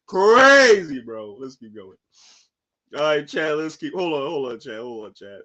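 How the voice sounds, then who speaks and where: Picture a young man streaming his reaction live, his bright, forceful voice swinging widely in pitch. He drawls along in slang, then suddenly bursts out shouting. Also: expressive, measured pace. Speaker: streamer reacting to a manga chapter.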